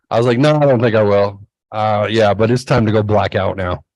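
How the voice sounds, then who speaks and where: A man's voice: on the low side, a little fast, dry recording, rough recording. A man in his forties telling a party story in casual chat, acting out quotes in a raised voice. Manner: animated, acts out quotes in a raised voice. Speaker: podcast co-host.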